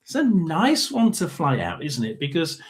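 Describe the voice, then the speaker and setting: Frequent ums and throat clearing mark this middle-aged man's rambling, halting tarot and spirit box session, done casually. His fairly high voice swings hugely in pitch.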